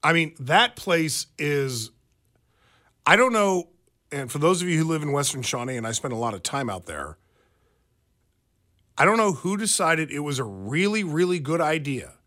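A man's voice: a little high, very animated, normal speed, long pauses, pushed and bright. A man co-hosting a radio talk show, telling stories animatedly with plenty of fillers and restarts. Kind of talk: casual talk radio banter.

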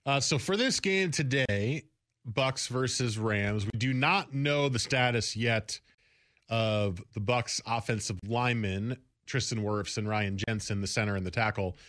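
Male sports radio host, casual and quick-talking, close dry studio mic. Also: medium pitch, a bit bright, no echo. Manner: conversational, quick, self-correcting.

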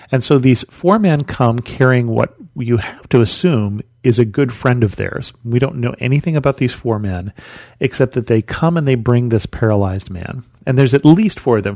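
A man's voice: medium pitch, darkish tone, dry recording. A man hosting a podcast, teaching through a Bible story in a conversational, storytelling way with rhetorical questions.

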